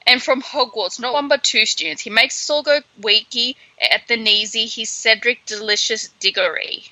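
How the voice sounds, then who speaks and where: A woman co-hosting a podcast, recapping playfully with quick jokey asides in casual chat. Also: fairly high pitch, bright, forceful tone, dry recording, low-quality recording. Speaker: podcast co-host.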